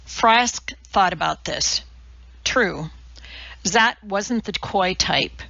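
A woman narrating a novel slowly and deliberately. Her voice is bright with a gravelly fry, recorded dry and close with a slightly dull, lo-fi tone. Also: mid-range voice, lively intonation, dry recording. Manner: measured, clear storytelling. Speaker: audiobook narrator. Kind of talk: scripted narration.

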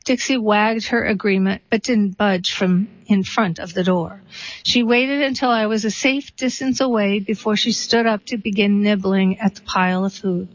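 A woman reading a short story and a poem aloud in a steady, unhurried way. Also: mid-range voice, no room sound. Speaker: reader. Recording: dull, slightly lo-fi dry recording.

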